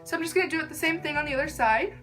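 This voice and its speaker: Racing along in a high voice over loud music, a young beauty vlogger chats through her makeup tutorial. She gushes throughout and fills her speech with "like."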